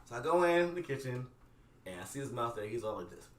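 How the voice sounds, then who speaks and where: A man's voice: mid-range voice, quick pace, distant mic, crowd noise. A man from New co-hosting a podcast, telling stories with lots of laughing and acted-out voices. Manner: animated storyteller, acts out voices, laughs a lot. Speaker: podcast co-host. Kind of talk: casual chat. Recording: roomy echo from off-mic.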